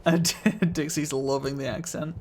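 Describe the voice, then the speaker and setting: A man's voice: on the high side, fairly even intonation, unhurried, a little hiss or hum. A man streaming a video game live, chatting casually with his viewers in a laid-back, slightly mumbly way and chuckling often.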